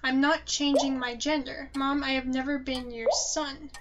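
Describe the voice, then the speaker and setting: A woman's voice: sits high, fairly even intonation, measured pace, background noise. A woman voicing a scared but firm young trans woman. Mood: pleading. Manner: earnest, pleading. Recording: slightly dull lo-fi recording.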